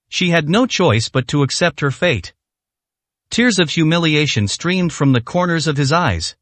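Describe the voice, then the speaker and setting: Male narrator, scripted story reading, dramatic, fairly high voice, lively pitch, dry close sound. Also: normal speed, dry recording.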